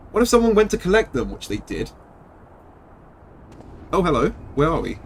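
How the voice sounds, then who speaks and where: A man streaming a video game, chatting to viewers in an animated, rambling way. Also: mid-range voice, moderate pace, long pauses, a little hiss or hum. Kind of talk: casual gameplay commentary.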